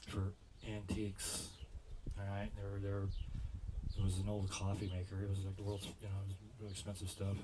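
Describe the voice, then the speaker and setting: A man's voice: deep voice, monotone, brisk, noisy background. A man doing stand-up, telling a rambling story full of restarts. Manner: rambling, self-correcting delivery. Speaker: stand-up comedian.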